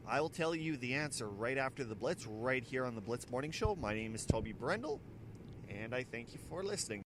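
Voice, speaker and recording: Lively, joking male radio host. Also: mid-range voice, brisk, very noisy. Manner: rambling, jokey, laughs at his own stories. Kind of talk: casual morning show chat and trivia. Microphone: handheld microphone.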